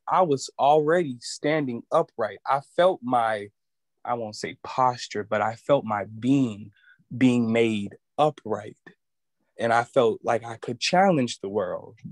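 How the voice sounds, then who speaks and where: A man sharing a personal religious testimony in an earnest, halting way, often restarting as he looks for words. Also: mid-range voice, dry recording. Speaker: student giving testimony.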